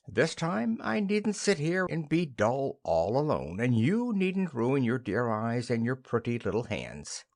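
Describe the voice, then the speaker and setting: A man's voice: mid-range voice, wildly swooping pitch, unhurried, gravelly, few pauses, a little mellow, no room sound, clean studio sound, exaggerated voice. A man voicing an indulgent, teasing husband in an audiobook play reading. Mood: fond. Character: husband Helmer, fond, teasing, patronizing.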